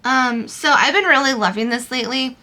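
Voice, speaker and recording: Bright-voiced chatty young woman. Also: sits high, brisk. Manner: chatty, loose, many fillers like "um" and "like". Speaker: beauty vlogger. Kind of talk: casual makeup tutorial chat.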